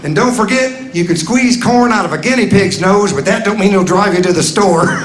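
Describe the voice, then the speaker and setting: A man's voice: high voice, normal speed, a little hiss or hum, voice pushed up, lightly acted. A man putting on a doddering old geezer. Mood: mock-wise. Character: doddering old man spouting nonsense folk sayings. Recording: echoey club with crowd laughter.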